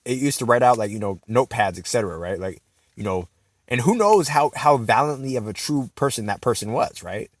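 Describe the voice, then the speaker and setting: A man's voice: medium pitch, animated, brisk, no echo. A young man telling a rambling, profane story in a vlog, full of slang and fillers. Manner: rambling, profane, filler-heavy slang, says "bro" constantly. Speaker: vlogger.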